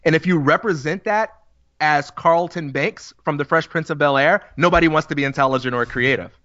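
A man co-hosting a casual podcast, explaining ideas in a measured, step-by-step way. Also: fairly high pitch, sharp tone, no echo. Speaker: podcast co-host. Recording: dry, dull lo-fi podcast audio.

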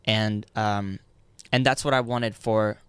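A man's voice: fairly low pitch, fairly even intonation, slow, a bit bright, smooth, no echo. A man in his thirties, a musician guest in a casual interview, talking earnestly with many restarts and easy laughs.

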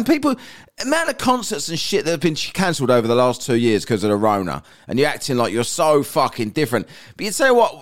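A man hosting a podcast, ranting crudely and sarcastically in casual chat. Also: mid-range voice. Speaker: podcast host.

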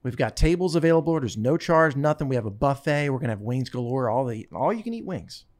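Bubbly female radio host, very animated pitch, casual banter. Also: fast. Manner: bubbly, excited, trails into mumbles.

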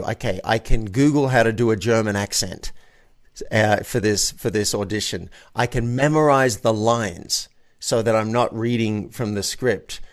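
A man sharing a personal story in a casual conversation as a guest, earnest and prone to restarting his sentences. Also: on the low side. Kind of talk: casual chat.

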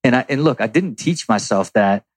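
A man's voice: mid-range voice, animated, moderate pace, breathy edge, no echo. A man in his forties answering audience questions in a loose, rambling way, swearing freely and acting out little quotes. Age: 40s. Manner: profane, rambling, acts out quotes. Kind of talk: casual Q&A talk.

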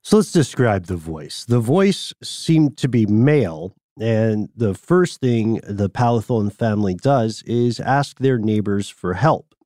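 A man's voice: fairly low pitch, slow pace, hardly any pauses, no room sound, studio quality. A man co-hosting a podcast, telling a story in casual chat and acting out the quoted voices. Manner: lively, acts out quoted voices. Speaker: podcast co-host.

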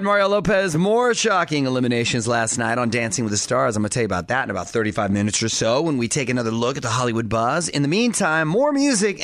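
A middle-aged man hosting a radio show in an upbeat, jokey way, reading quick promos and chatting with his co-host. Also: mid-range voice, fairly bright tone. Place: dry radio studio. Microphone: studio mic.

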